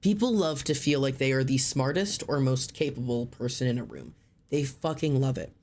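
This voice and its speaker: A man chatting casually with his live stream audience, excitable and frank, repeating words, saying "like" often and swearing freely. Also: mid-range voice, moderate pace.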